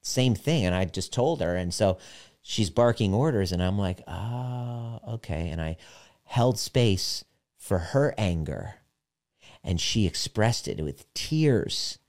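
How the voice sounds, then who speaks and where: A man coaching on relationships in a candid, profane monologue, dropping softer when he retells conversations. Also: on the low side, expressive, takes it slowly. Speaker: personal development coach. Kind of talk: casual monologue.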